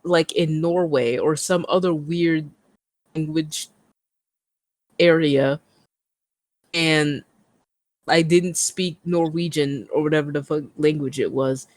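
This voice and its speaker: A woman's voice: low voice, fairly even intonation, slow pace, pauses often, a little mellow, no echo. A woman co-hosting a podcast, telling a story in laid-back casual chat and swearing freely. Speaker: podcast co-host.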